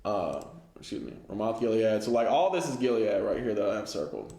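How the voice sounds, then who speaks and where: A man's voice: fairly low pitch, very animated, brisk, mellow. A man teaching a casual Bible lesson, reading scripture and retelling it in everyday slang. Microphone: livestream setup. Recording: echoey room.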